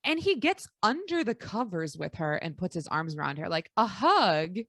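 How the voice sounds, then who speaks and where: A woman's voice: fairly low pitch, very animated, moderate pace, fairly bright tone, no echo, studio quality. A woman co-hosting a podcast, chatting casually and chiming in with quips about the episodes. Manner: chatty, chimes in with quips and agreement. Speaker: podcast co-host. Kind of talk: casual recap chat.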